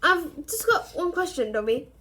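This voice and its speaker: A woman's voice: sits high, big pitch swings, normal speed, sharp tone, heavily acted. A woman voicing a kind schoolboy, easygoing and plain.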